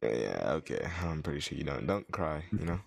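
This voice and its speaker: A man's voice: very deep voice, big pitch swings, brisk, vocal fry, slight background noise. A man co-hosting a casual podcast, joking and teasing in an easy drawl. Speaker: podcast co-host. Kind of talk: casual chat.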